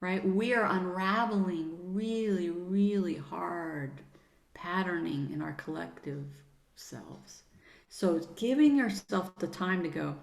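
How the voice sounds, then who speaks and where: A middle-aged woman, a guest on a podcast, talking in an earnest, soothing way and using gentle pet names. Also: lowish voice, expressive, unhurried, creaky. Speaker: podcast guest, sound healer. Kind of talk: casual interview chat. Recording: roomy echo.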